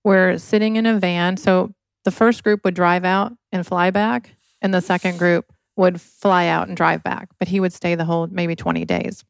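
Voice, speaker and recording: A woman's voice: on the low side, little pitch movement, moderate pace, vocal fry, few pauses, smooth, no echo. Earnest woman telling a personal story. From Michigan. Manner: earnest, emotional, acts out quoted voices. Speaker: podcast guest, inventor.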